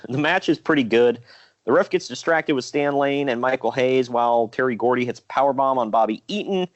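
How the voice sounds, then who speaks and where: A man's voice: medium pitch, fairly quick, lo-fi sound. Laid-back man recapping wrestling casually. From Ohio. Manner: relaxed, rambling recap with fillers and laughs. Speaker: podcast co-host.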